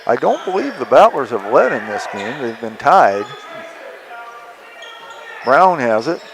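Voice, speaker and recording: A man's voice: medium pitch, big pitch swings, unhurried, vocal fry, crowd noise. A man doing easygoing, joking play-by-play commentary on a basketball webcast. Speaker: play-by-play announcer. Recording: noisy gym webcast. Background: gym ambience, ball bouncing.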